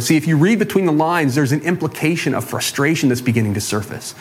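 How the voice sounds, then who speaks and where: A man's voice: fairly high pitch, animated, fast. A pastor preaching a sermon in a conversational way, asking his listeners rhetorical questions and joking at his own expense. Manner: self-deprecating humor.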